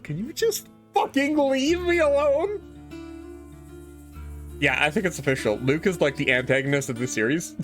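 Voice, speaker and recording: A man's voice: a little high, a bit bright. A man streaming himself reading a visual novel aloud, chatty, swearing casually and reacting to the story.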